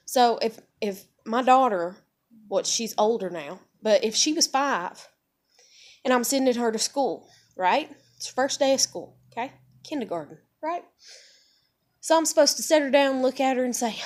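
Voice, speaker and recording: A woman's voice: a little high, expressive, normal speed. A woman in her thirties ranting angrily in a video blog, swearing a lot and filling her talk with "like". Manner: heavy swearing, filler "like". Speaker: vlogger. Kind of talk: angry opinion rant to camera.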